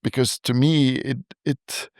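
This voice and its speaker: A man hosts a podcast conversation, nodding along with frequent yeahs before adding his own thoughts. His voice sits at an ordinary middle pitch, recorded dry and close. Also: fairly even intonation, measured pace, a little mellow, dry recording. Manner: affirming, often backchannels with yeah. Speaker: podcast host. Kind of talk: podcast interview.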